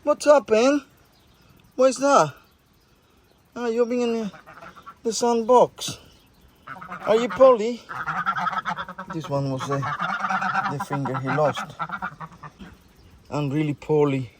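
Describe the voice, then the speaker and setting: A man with a high voice talks slowly and unhurriedly while filming his animals outdoors. He switches between cooing baby talk with squeals and musing commentary, and faint noise sits under his voice. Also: steady tone. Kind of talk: casual chat to animals and camera.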